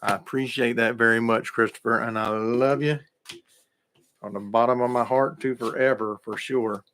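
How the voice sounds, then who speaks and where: A man's voice: medium pitch, steady tone, normal speed, a bit bright. A middle-aged man, hosting a radio show in a casual, folksy way and greeting listeners in the chat by name.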